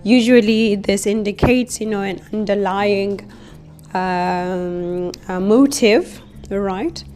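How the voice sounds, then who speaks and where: A woman in a mid-range voice talks through an astrology reading at a slow, patient pace. She keeps checking in with the listener as she explains. Faint music plays softly behind her. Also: medium pitch. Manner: slow, unhurried explaining with frequent "you know" and "right?". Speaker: astrologer host.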